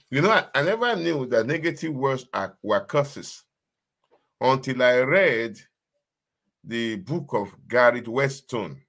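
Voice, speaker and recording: Pastor guy preaching, keeps repeating lines and asking "you understand?", average pitch voice. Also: animated, a little slow, a bit bright. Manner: emphatic, repetitive preaching with call-and-response questions. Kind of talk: sermon.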